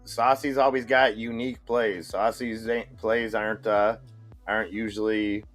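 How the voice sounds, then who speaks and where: A man's voice: lowish voice, little pitch movement, a little slow, soft background music. Chatty male livestream co-host. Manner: chatty, laughs often, restarts sentences. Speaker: stock market livestream co-host. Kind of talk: casual live chat reading viewer comments.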